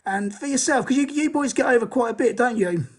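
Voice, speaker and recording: A man's voice: very high voice, a little fast. A man hosting a casual football podcast, introducing guests with chatty fillers. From England. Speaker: podcast host.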